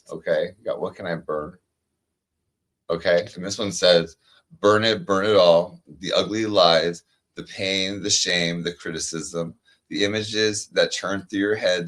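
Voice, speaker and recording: Deep-voiced man reading cards slowly. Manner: reads cards aloud slowly and soothingly. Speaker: card reader. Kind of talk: casual chat.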